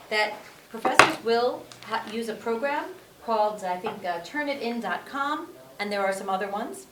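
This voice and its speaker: Woman teacher, higher voice, talks to her class, repeats herself for emphasis, recorded on a distant mic in a roomy classroom. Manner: repeats points for emphasis, checks in with "okay?". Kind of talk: classroom lecture. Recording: echoey room, distant mic, faint room noise.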